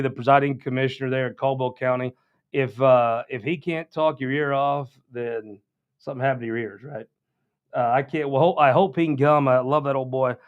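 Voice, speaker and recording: A man's voice: medium pitch, clear, resonant tone. A man hosting a political talk show, rambling in a folksy, casual monologue with frequent restarts. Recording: dull lo-fi sound.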